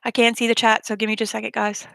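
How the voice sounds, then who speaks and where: A woman's voice: a little high, completely flat delivery, very fast, gravelly, fairly bright tone, no room sound. A woman streamer swearing heavily in a blunt, confrontational rant to her chat. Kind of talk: angry rant on a live stream.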